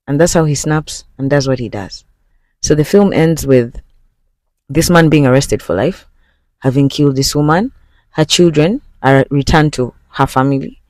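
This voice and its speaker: A man hosting a movie recap, retelling the plot in a casual, animated way and speaking straight to viewers. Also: fairly high pitch, moderate pace, no echo.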